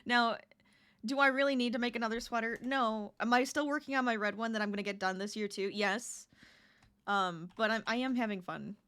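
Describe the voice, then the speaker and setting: A woman's voice: fairly high pitch, a bit bright. A woman crafting live on stream, chatting casually with her viewers, greeting them and laughing often. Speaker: crafting livestreamer.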